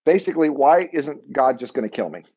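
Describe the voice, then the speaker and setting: A man leading a weekly Bible study lesson, talking conversationally and pausing to explain terms. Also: medium pitch, lively intonation, darkish tone, breathy edge, muffled recording.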